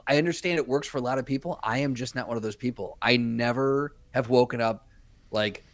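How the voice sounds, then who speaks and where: A man's voice: medium pitch, fairly quick, no echo. Hesitant podcast guy, dry close mic. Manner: hesitant, restarts often. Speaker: podcast co-host. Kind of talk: casual podcast chat.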